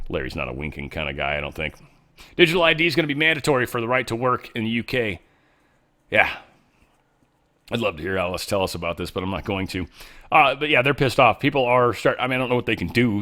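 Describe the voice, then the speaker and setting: A man hosts a casual commentary show, riffing sarcastically on the news. His pitch jumps around animatedly, and he often trails off into quiet mumbled asides before getting loud again. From United States. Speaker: podcast host.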